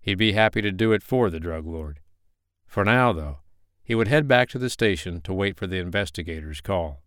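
Male audiobook narrator, steady reading, resonant voice, dry close mic. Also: low-pitched, moderate pace, clear, resonant tone, no room sound. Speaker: audiobook reader.

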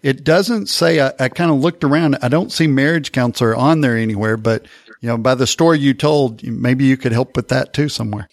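A man's voice: medium pitch, fairly quick, no room sound. Chatty male podcast host, dry sound. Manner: chatty, tells anecdotes. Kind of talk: casual interview chat.

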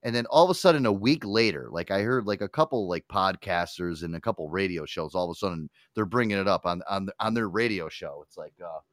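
A man's voice: low voice, quick pace, hardly any pauses, no echo, studio quality. A man hosting a radio show in casual, profane banter, often slipping into mocking voices. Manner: animated, profane, breaks into mimicking voices.

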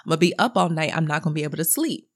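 A woman's voice: low-pitched, animated, rapid-fire. A strict churchgoing mother, as her daughter quotes her lays down the rules firmly. She is insistent and cautious, warning against anything she sees as unholy. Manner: firm, insistent.

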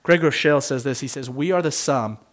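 A man's voice: mid-range voice, brisk. Earnest middle-aged male pastor preaching. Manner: earnest, reflective, conversational preaching. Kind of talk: sermon.

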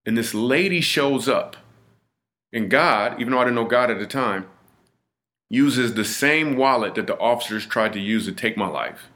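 A man's voice: medium pitch, normal speed, pushed and bright. A middle-aged man, a comedian guest on a podcast, telling a personal story in an earnest, vivid way, often restarting and repeating himself.

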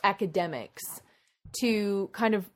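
A woman co-hosting a casual chat, retelling a movie plot in a rambling, animated way full of asides. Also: mid-range voice, a little slow. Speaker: podcast co-host.

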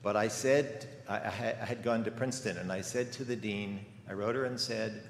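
In a church sanctuary with an echoey, faintly ambient sound, an older guest preacher delivers a story-driven, conversational sermon full of rhetorical questions. His voice is on the low side with fairly even intonation at a moderate pace, and a little hiss or hum is present.

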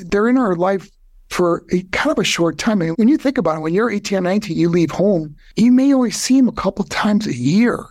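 Telling a heartfelt story from his own life as a podcast guest, the older man speaks earnestly in a darkish voice that goes high when he's touched. There's no echo.

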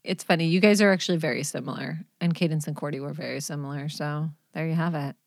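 A woman's voice: deep voice, quick pace, vocal fry, no room sound, clean studio sound. A woman in her forties, a mother co-hosting a podcast from home, telling stories bluntly and laughing often. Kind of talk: casual chat.

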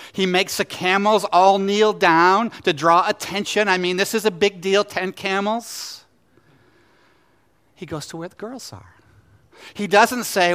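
A middle-aged pastor preaching in a voice that sits a little high for a man. He is animated and conversational, leaping up in pitch when he voices the people in the story, then dropping low and quiet to make a point. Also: clear, resonant tone. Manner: animated, acts out scripture characters in paraphrase. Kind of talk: sermon.

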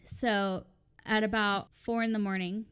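A woman in casual chat telling an animated story about a hotel night shift, acting out what each person said. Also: mid-range voice, unhurried, smooth.

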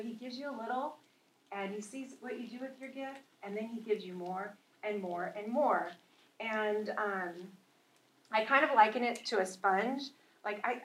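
A woman's voice: on the high side, fairly bright tone. A woman sharing a personal testimony in a church sermon, in a chatty storytelling manner full of fillers and restarts. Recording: roomy hall with faint noise.

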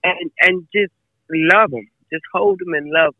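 Chatty and emphatic, a football player's mother speaks as an interview guest about her son and tends to repeat herself. She has a fairly low voice and a measured pace, recorded dry with narrow, tinny sound.

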